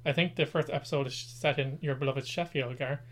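A man's voice: medium pitch, fairly even intonation, brisk. A man co-hosting a casual pop-culture chat, reading out news items and adding wry asides. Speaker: podcast co-host.

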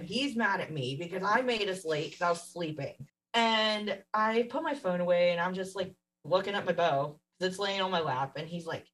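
A woman guest telling a story in a casual, animated way, laughing often and acting out what others said. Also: on the low side, far from the mic, rough recording. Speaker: podcast guest.

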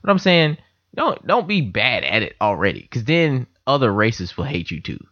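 A young man hosts a laid-back podcast from a room in a house and tells animated stories. His pitch swings widely as he acts out quotes, and his voice sounds dry and close. The home recording has a dull, lo-fi tone. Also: moderate pace, no echo. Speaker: podcast host. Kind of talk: casual chat. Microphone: computer mic.

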